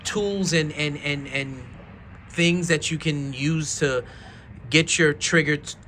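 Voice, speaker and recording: A man reviewing handguns in a rambling, enthusiastic way, dropping almost to a whisper while he slowly pulls each trigger. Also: on the high side, steady tone, pushed and bright, a little hiss or hum. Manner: drops to a near whisper during slow trigger pulls. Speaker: gun reviewer. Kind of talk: casual product demo.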